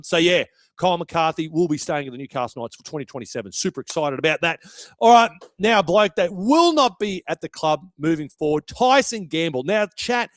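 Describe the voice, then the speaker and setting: Brash Aussie podcast host, raised voice. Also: male voice, on the high side, no echo. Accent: Australian. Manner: brash and chatty, swears freely. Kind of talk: casual podcast commentary.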